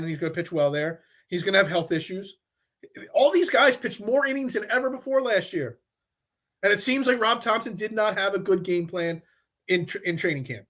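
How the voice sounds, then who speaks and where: A male sports talk host who argues his points, stacking restarts and repeated phrases. His voice sits high and sounds bright and forceful. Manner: animated, repeats himself when making a point.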